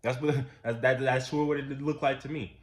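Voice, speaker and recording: A man giving a casual, profane, ranting commentary, repeating himself and getting louder when worked up. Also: mid-range voice, moderate pace. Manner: animated, repetitive, profane, rising to near-shouts when worked up. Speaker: commentary channel host.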